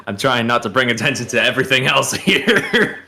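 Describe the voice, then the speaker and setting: A man co-streaming a story game, easygoing and quick to laugh in casual chat. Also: medium pitch, lively intonation, vocal fry, sharp tone. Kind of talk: casual let's-play chat.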